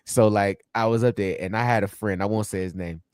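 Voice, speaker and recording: A young man on a livestream as a guest, telling animated stories and laughing through them. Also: fairly low pitch, fairly quick, clean tone, no echo, clean studio sound. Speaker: guest co-host. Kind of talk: casual sports talk chat.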